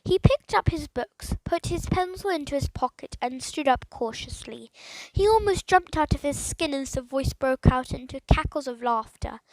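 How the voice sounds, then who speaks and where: High-voiced woman reading a storybook. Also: expressive, normal speed, darkish tone, dry recording, poor audio. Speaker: audiobook narrator. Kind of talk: storybook narration.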